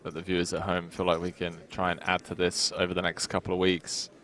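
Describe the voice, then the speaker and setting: A man from the UK co-hosting a live poker stream, easygoing and quick with a joke. His voice sits very low as he chats and reads out viewer comments. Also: monotone, fairly bright tone. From United Kingdom. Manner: laid-back, jokey, says mate. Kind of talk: casual chat, reading viewer comments.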